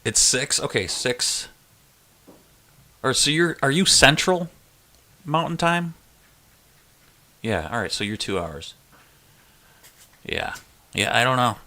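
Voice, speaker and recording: A man's voice: mid-range voice, expressive, slow, pauses often, sharp tone. A man hosting a casual live chat stream, joking and laughing with viewers as he reads their messages. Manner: chatty and joking, laughs often.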